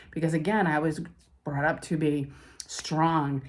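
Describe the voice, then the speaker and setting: A middle-aged woman with a low voice talks as a spiritual life coach. She is candid and confiding, working through her feelings out loud. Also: steady tone, unhurried. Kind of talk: personal talk to camera.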